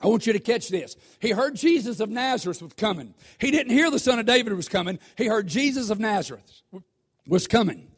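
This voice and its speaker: A man preaching a sermon, talking conversationally to the congregation and swelling into shouts. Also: sits high, lively intonation, fairly quick, slightly rough. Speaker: pastor.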